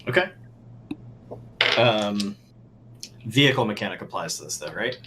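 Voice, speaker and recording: Male player, laid-back and dry, low voice, noisy recording. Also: expressive, measured pace. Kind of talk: tabletop game chat.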